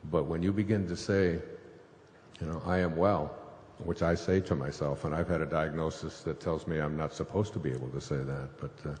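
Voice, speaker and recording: Deep-voiced man telling stories in an echoey hall. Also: fairly even intonation, fairly quick, a little mellow. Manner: rambling, many fillers, chuckles. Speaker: spiritual author. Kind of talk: conversational storytelling to an audience. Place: stage before a live audience. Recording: echoey hall, faint noise.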